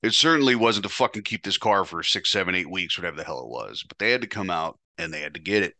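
A man's voice: deep voice, animated, fast, bright, forceful tone, no echo. A man hosting a podcast, telling a candid personal story in a blunt, profane, confessional way. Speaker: podcast host.

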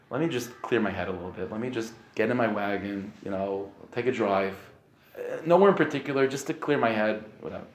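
A man telling a story in a casual, animated way, acting out the people in it with many restarts. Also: on the low side, roomy sound, slight background noise. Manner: animated, acts out quoted voices, frequent restarts.

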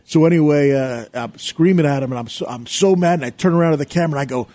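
A middle-aged man, a guest on a talk show, telling a rambling, animated story and acting out quotes loudly. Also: on the high side, quick pace. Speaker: guest, real estate investor.

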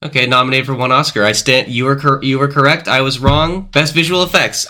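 A man's voice: mid-range voice, steady tone, a little fast, bright, forceful tone. A man co-hosting a casual movie review podcast, rambling and correcting himself as he goes. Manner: rambling, self-correcting, hedging. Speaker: podcast co-host.

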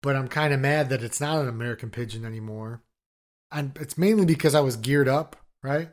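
A man's voice: mid-range voice, brisk. A man co-hosting a podcast in casual chat, riffing and swearing freely. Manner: profane, riffing, animated. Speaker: podcast co-host.

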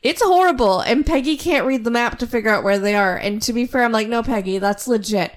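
A woman's voice: a little high, fast. A woman co-hosting a podcast, casually recapping an episode with sarcastic asides and easy laughter.

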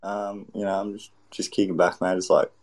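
An Australian man with a low, deep voice, speaking in a relaxed, easygoing way. He swears casually as he chats in an online voice room. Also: normal speed. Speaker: guest speaker.

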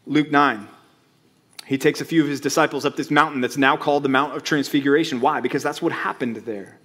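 A man preaching from the pulpit, his voice sitting a little higher than most men's. He talks in a conversational way, asks his listeners rhetorical questions, and acts out the quotes he tells. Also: steady tone, fairly quick, a bit bright. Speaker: pastor. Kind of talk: sermon.

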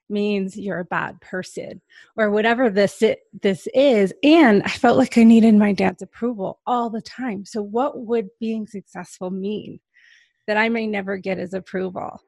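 A woman's voice: mid-range voice, no echo. Reflective woman telling her own story. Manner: reflective, hedging with "kind of" and "like". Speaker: podcast guest. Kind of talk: candid personal storytelling.

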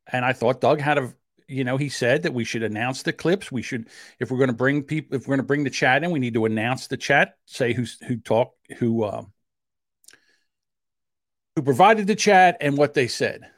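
A man's voice: no echo, clean studio sound. A man with a South Jersey accent co-hosting a casual podcast, getting defensive and worked up as he argues his point. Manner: defensive, heated, quick to rise in pitch; admits a short temper. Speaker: podcast co-host. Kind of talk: casual argumentative podcast banter.

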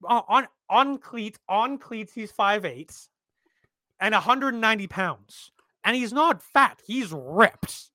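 A man's voice: high voice, slow, no echo. A man co-hosting a casual sports podcast, talking bluntly and with swearing. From Canada. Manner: animated, blunt, swears freely. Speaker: podcast co-host.

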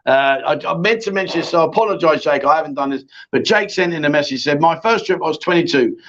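A man's voice: fairly high pitch, fast talker, fairly bright tone. Chatty man hosting a live stream. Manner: chatty, laughs often, banters with co-host. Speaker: host. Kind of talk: casual live-stream chat. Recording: dull lo-fi stream audio.

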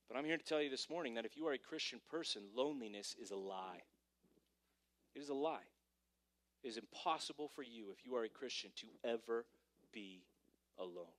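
A male pastor delivering a sermon to a congregation, preaching animatedly and swinging between hushed and emphatic delivery. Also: mid-range voice. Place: church service before a congregation.

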